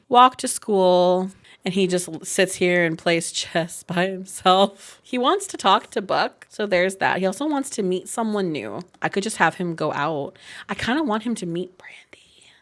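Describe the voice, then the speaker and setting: A woman hosting casual gameplay commentary, animated and laughing often as she exclaims at the game. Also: medium pitch. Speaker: gaming channel host.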